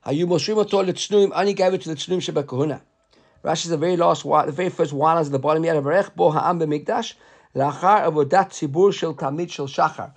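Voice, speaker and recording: Man with a fairly high voice, giving a Talmud lesson in a chatty, halting style. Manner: conversational, mixes Hebrew and Aramaic readings with English explanation; filler-heavy asides, halting restarts. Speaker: Talmud teacher. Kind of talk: Talmud class.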